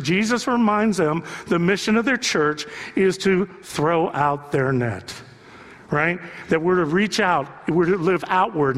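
A male pastor delivers a sermon in a high voice, keeping it loose and joking and tossing rhetorical questions to the congregation. His voice rings out in a large church with a long reverb trailing each phrase. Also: fairly bright tone.

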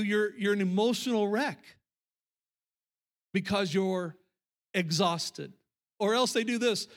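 A man's voice: high-pitched, slow pace, long pauses. A middle-aged man preaching a sermon to his congregation, talking conversationally and repeating phrases for emphasis. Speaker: pastor. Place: church sanctuary.

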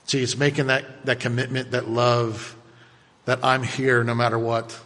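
A pastor in his fifties preaching a sermon with animated delivery that builds to loud exclamations. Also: mid-range voice, normal speed, long reverb tail. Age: 50s.

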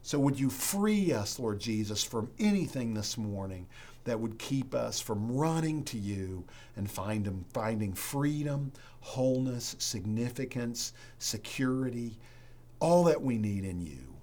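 A man preaching a sermon as a pastor to a church congregation, earnest and emphatic, with dramatic pauses, then leading a prayer. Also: mid-range voice, expressive, darkish tone, slight background noise.

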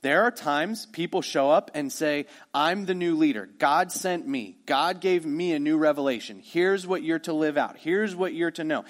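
A male pastor preaching a sermon in a conversational way, swinging from emphatic lines to hushed ones. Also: a little high, lively intonation, moderate pace, hardly any pauses.

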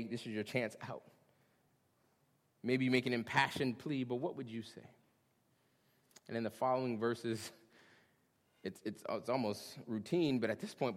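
Man preaching in an echoing hall. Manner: dynamic preaching, swings from hushed to booming, says "y'all". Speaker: pastor. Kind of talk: sermon. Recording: long reverb of a large hall.

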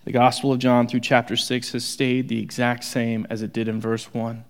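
A man preaching a sermon, shifting from hushed, intimate moments to forceful, rising emphasis. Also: mid-range voice, completely flat delivery, normal speed. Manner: dramatic, swings from hushed to forceful. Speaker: pastor.

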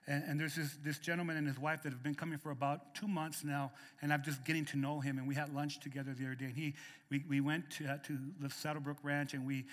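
A man's voice: fairly high pitch, fairly bright tone. Emphatic preacher man in a reverberant hall. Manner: emphatic, repeats words when starting phrases. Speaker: pastor. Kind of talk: sermon. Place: church sanctuary.

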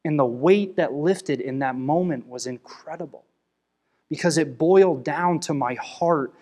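A young adult man preaching a sermon, earnest and emotional, swinging from emphatic scripture readings to quiet personal confession. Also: fairly high pitch, measured pace. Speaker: pastor.

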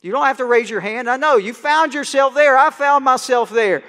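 A middle-aged man preaching a sermon as pastor, animated and dramatic, crying out scripture lines. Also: very high-pitched, fast, few pauses. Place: church sanctuary. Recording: long hall reverb in church.

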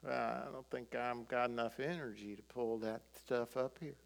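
A man voicing a lazy male sluggard with a low, mumbling Southern drawl. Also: fairly even intonation, normal speed, vocal fry, big-room sound, lightly acted. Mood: sluggish. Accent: American Southern.

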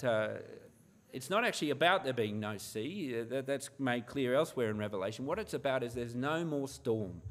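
A man, a pastor, preaching a sermon in an earnest manner, often asking the listeners rhetorical questions. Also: medium pitch.

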